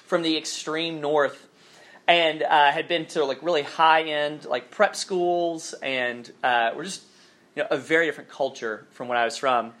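Steady and a bit bright, this man's fairly high voice moves a little slowly as he reads scripture and delivers a loose, talkative sermon. He's a campus minister from southern Alabama with a faded Southern accent, self-deprecating and heavy on fillers.

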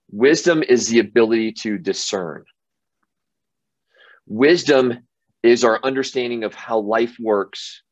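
A man's voice: mid-range voice, dry recording, dull audio. A man hosting a motivational show, telling stories casually with lots of fillers and restarts. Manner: enthusiastic, loose, many fillers and restarts. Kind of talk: casual storytelling monologue.

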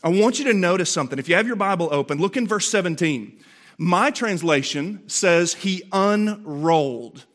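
A man's voice: sits high, animated, moderate pace, a bit bright. A man in his forties giving an emphatic, conversational sermon as a pastor in a church sanctuary, often checking in with rhetorical questions. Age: 40s.

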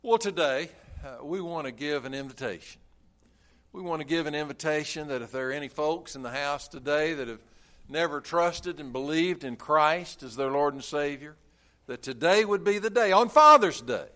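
A male pastor preaching a sermon, telling a story and giving an invitation in an earnest, emphatic way with drawn-out phrases. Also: on the high side, bright, forceful tone.

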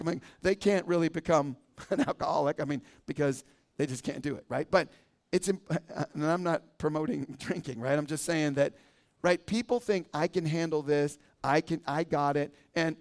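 A middle-aged man preaching a sermon as a pastor, in a conversational way, often checking in with listeners with "right?". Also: a little high.

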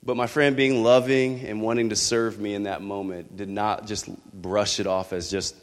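A man's voice: lowish voice, little pitch movement, normal speed, hardly any pauses, in a large hall. A man preaching a sermon, telling a candid personal story with rising passion.

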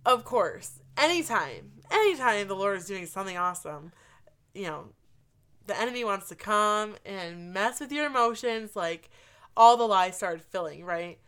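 A woman's voice: mid-range voice, moderate pace, clean tone. Earnest woman telling a story. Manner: earnest, animated storytelling with frequent "like". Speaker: guest telling her story. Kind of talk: casual chat.

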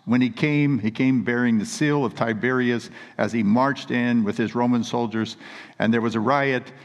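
A man's voice: mid-range voice, muffled recording. A man preaching a sermon with earnest, emphatic storytelling. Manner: earnest, emphatic storytelling with read scripture quotes. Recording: long reverb of a large hall.

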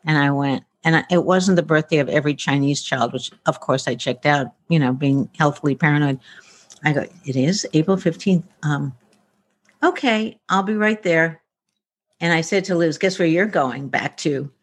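In a casual storytelling interview, a futurist guest speaks at a moderate pace in a deep voice. She narrates personal episodes, acting out the dialogue and using many fillers. No echo is present.

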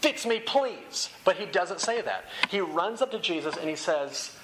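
A man's voice: a little high, expressive, moderate pace, background noise. A young man preaching a sermon to a seated crowd, in an earnest, conversational way that repeats and restates phrases. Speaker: campus ministry speaker. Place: room with rows of chairs.

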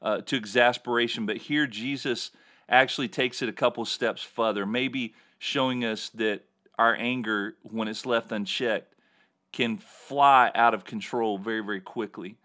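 Here a man with a mid-range, steady voice talks a little slowly, sounding pushed and bright. As host of a Bible teaching show, he reads scripture and explains it in an earnest, sermon-style manner, leaning on repeated words for emphasis.

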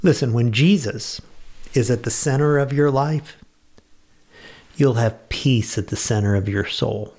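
Earnest male radio preacher. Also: mid-range voice. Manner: earnest, conversational, with bursts of enthusiasm. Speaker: pastor. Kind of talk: devotional radio message.

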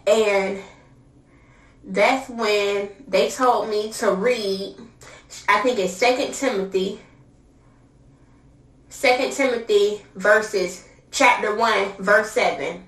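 A young woman recounts her own story in a chatty, candid way. She speaks at an unhurried pace, full of filler words, and sits some distance from the mic. The room around her is roomy and echoey. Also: mid-range voice, fairly even intonation. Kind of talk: casual personal storytelling.

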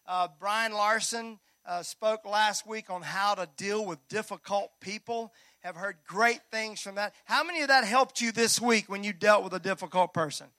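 A male pastor preaching a Sunday sermon in a church, energetic and joking with the congregation. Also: high voice, normal speed, hardly any pauses, dry recording. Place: church sanctuary.

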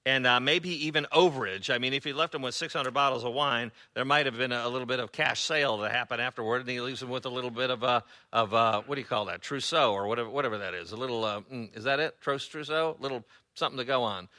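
A man preaching a sermon as pastor, conversational and sarcastic, often pausing on fillers. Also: mid-range voice, sharp tone.

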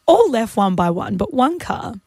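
Chatty Australian radio co-host, animated pitch. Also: female voice, normal speed, slightly rough, no room sound, clean studio sound. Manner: chatty, laughs often. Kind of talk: breakfast radio banter. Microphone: studio mic.

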